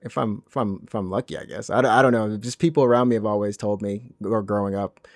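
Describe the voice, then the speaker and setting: A man's voice: on the low side, fairly even intonation, fast talker, no echo, studio quality. A man from Alabama without a Southern accent, co-hosting a gaming podcast in casual, rambling chat with many restarts. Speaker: podcast co-host.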